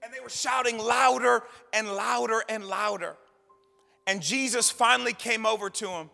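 Male pastor, sermon. Gravelly, bright, goes from soft to loud. Echoing hall, faint music behind. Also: fairly even intonation, normal speed. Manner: swings from hushed low lines to loud shouted bursts.

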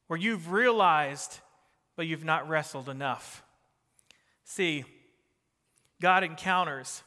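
A middle-aged man with a New Jersey accent preaching a sermon, swinging between emphatic rising bursts and soft, quiet drops. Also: fairly high pitch, big-room sound. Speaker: pastor.

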